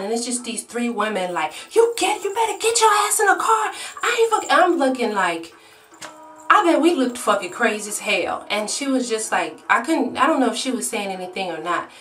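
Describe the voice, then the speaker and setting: Woman vlogger, lively profane storytelling, sits back from the mic, faint music. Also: mid-range voice, distant mic. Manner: animated, swearing storyteller who acts out shouted quotes. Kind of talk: storytime vlog. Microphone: own camera.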